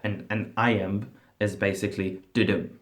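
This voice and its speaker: A man's voice: on the low side, little pitch movement, moderate pace. Teen boy explaining in an echoey room. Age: teens. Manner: explaining, curious, a little fussy. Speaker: student performer. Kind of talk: comedic school skit.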